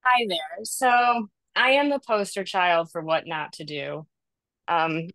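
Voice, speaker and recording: A woman's voice: on the low side, takes it slowly, a bit bright, no room sound. A middle-aged woman on a video call, telling a rambling, self-deprecating story about caring for her mother. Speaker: caregiver sharing in a support group. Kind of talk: candid personal story in a video call group.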